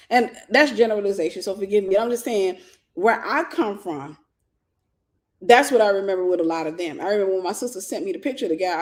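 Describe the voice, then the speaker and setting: Speaking at a medium pitch, a female host gives viewers casual advice through lively storytelling. She performs the quoted voices of the people in her stories.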